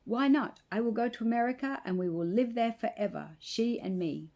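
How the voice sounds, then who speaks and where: A woman acts out an earnest young Greek village man in a storybook reading, pleading and insistent as he presses his suit. His voice is pitched well above her own and carries a warm, mellow tone. He stays lovesick and stubborn throughout. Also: moderate pace, close to an everyday voice.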